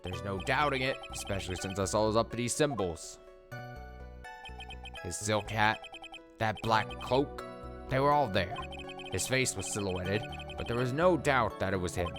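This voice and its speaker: A man's voice: fairly low pitch, normal speed, pauses often, close to an everyday voice. A man voicing a cocky male circus clown witness in a let's play, talking in a boastful, flippant way, with game music behind. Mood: smug.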